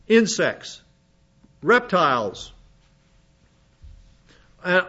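A high-voiced man teaches a congregation from scripture. He reads a passage, then slips into chatty asides and questions to the room. The recording sounds dull and muffled. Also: expressive, measured pace, long pauses, a bit bright. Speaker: preacher. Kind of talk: Bible teaching sermon.

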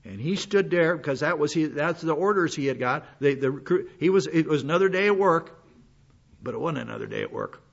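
Folksy older preacher, husky and lo-fi. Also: male voice, a little high, animated, brisk. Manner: folksy, rambling with frequent fillers and restarts. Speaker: pastor. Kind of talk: sermon. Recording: dull lo-fi sound.

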